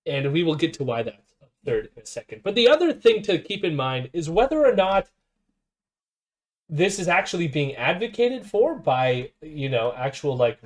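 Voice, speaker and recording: Man, stream host, sarcastic commentary, animated pitch. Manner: sarcastic, laughs often, mocks quoted voices. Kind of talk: casual political commentary stream.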